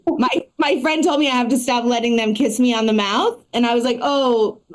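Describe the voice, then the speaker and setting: Chatty woman doing stand-up. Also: on the high side. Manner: quick, chatty delivery with frequent asides. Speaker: stand-up comedian and show host. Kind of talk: stand-up comedy set. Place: live comedy show before an audience.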